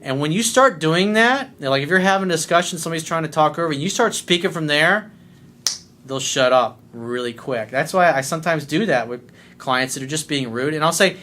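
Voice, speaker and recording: Loud blunt guy coaching, swears a lot, bright punchy voice, smiling as he talks. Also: fairly high pitch, lively intonation, a little fast. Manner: blunt and profane; smiling while talking. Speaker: life coach. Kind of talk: casual monologue video.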